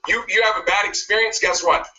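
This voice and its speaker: A man's voice: high-pitched, fairly even intonation, fast talker, sharp tone. A man giving a pushy motivational speech, cracking jabs and laughing at his own lines. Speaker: motivational speaker. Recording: muffled video played back from a distance.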